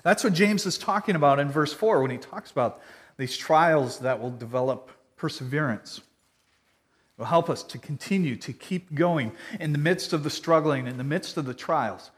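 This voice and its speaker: A man preaching a sermon in an earnest, conversational way, swinging from loud emphasis to quiet. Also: fairly high pitch, moderate pace. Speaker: pastor.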